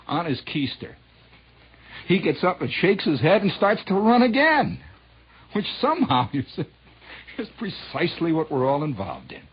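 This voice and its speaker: Brief: sardonic male radio DJ, very husky voice, lively pitch, muffled old broadcast sound. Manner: wry, sardonic storytelling. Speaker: radio disc jockey. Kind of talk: rambling on-air monologue.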